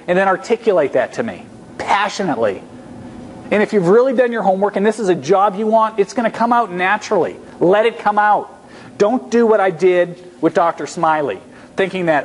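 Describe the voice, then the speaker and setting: A man giving a humorous, energetic talk as a guest speaker, emphatic and repeating key points. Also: high voice, fairly quick, a little hiss or hum. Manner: energetic, acts out quoted voices, emphatic repetition. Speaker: guest speaker on job interviews. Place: lecture hall.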